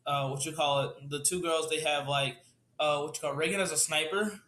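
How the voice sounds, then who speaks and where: Bright-voiced young man, hesitant storyteller. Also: a little high, steady tone, fairly quick. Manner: hesitant, filler-heavy, laughs easily. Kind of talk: casual improvised storytelling. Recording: roomy echo.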